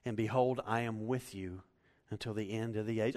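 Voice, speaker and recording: A man's voice: on the low side, steady tone, moderate pace, few pauses, a little mellow, big-room sound. A man in his forties preaching a conversational sermon as pastor, talking easily and personally. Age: 40s. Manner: conversational, laughing asides.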